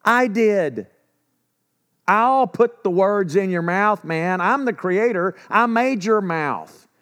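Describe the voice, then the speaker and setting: Man playing God, laid-back, slangy, emphatic, high voice. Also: animated, slow, fairly bright tone, exaggerated voice.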